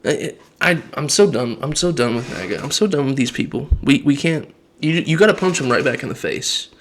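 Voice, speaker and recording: A man's voice: medium pitch, expressive, a little fast, slight background noise. A man hosting his own channel, giving an impassioned, exasperated political rant. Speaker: political commentary host. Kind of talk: ranting political vlog.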